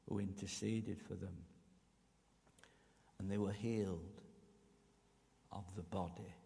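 Male preacher, unhurried and deliberate, deep gravelly tone, recorded in a reverberant hall. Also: darkish tone. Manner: slow, measured preaching with emphatic pauses. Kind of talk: sermon.

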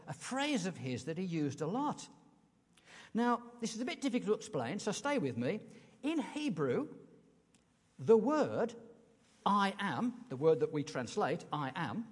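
British male preacher, high lively voice, conversational sermon in a reverberant hall. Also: breathy edge. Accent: British English. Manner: chatty, asks the congregation questions.

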